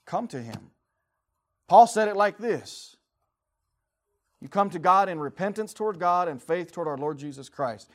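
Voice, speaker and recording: Fervent male pastor in his forties, sermon delivery, fairly high voice, dramatic shifts from hushed to shouted. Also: animated, normal speed, pauses often. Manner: swings from quiet, low passages to loud, high-pitched shouting; fervent preaching with acted-out prayers and inner voices.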